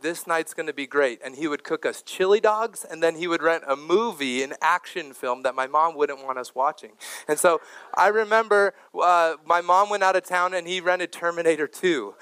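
A man's voice: high voice, fairly bright tone, clean tone, dry recording. A male pastor preaching a sermon to his congregation, telling stories in a conversational way and asking the room questions.

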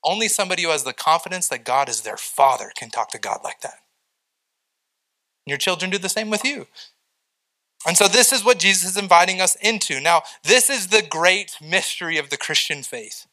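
A middle-aged man, a pastor, preaching a sermon with animated storytelling and acted-out quotes. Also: sits high, fairly quick, poor audio.

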